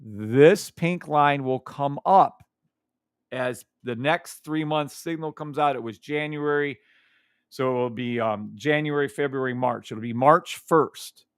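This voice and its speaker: A man's voice: medium pitch, measured pace, clean tone, no room sound, studio quality. A man hosting a live trading stream, explaining charts in a hyped, teasing chat with his viewers and humming along.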